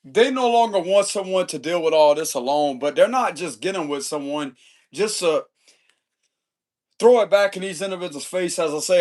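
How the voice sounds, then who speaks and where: A man's voice: high voice, normal speed, a little mellow. A man giving a casual tarot reading in loose, profane, slangy chat, chuckling often. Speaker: tarot reader.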